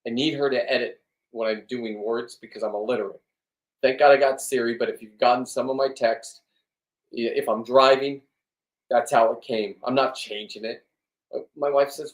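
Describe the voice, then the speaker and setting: A man's voice: mid-range voice, normal speed. A middle-aged man in a rambling, blunt vlog monologue, swearing often and restarting his sentences. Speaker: vlogger. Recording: echoey room, distant from the mic.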